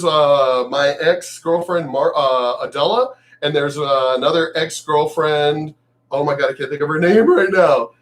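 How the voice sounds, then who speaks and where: An American man delivers a profane, unfiltered vlog rant in a voice that sits a little higher than most men's. He is blunt and animated, jumping between raised outbursts and low muttered asides. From United States. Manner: blunt, profane and animated, swings loud and quiet. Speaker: vlogger. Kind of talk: ranting commentary vlog.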